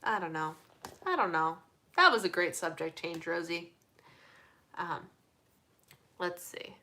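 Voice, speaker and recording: Young woman, bright tone, chatty live-stream host, animated, lots of fillers. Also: on the low side, slow pace. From Midwestern United States. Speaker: host of a live community chat. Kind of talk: casual live-stream chat reading comments.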